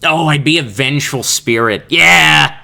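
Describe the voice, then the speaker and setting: A man's voice: lowish voice, expressive, unhurried, vocal fry, bright, forceful tone. A young man hosting a casual solo podcast, rambling and joking with laughs between his thoughts. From Kansas. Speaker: podcast host.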